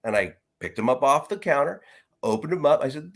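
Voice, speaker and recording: A middle-aged man, an interview guest, telling a personal story in an earnest, reflective way with halting restarts. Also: mid-range voice, lively intonation, a bit bright.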